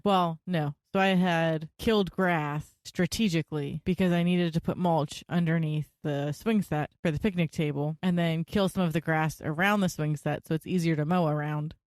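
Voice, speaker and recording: A young woman co-hosting a podcast, telling family stories in a chatty, animated way. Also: deep voice, normal speed, few pauses, no room sound, studio quality. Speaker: podcast co-host. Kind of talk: casual chat.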